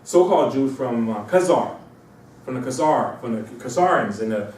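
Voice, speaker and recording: Animated lecturing man in an echoey room. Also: mid-range voice, normal speed, a little hiss or hum. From Mauritania. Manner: animated, repetitive, slips into mocking voices. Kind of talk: informal lecture to a small audience. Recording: echoey room, distant mic.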